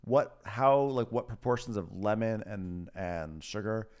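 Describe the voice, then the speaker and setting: A man's voice: lowish voice, lively intonation, darkish tone, smooth. A man guesting on a podcast, talking casually and enthusiastically with frequent laughs. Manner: enthusiastic, quick, jokey, laughs a lot. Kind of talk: casual chat.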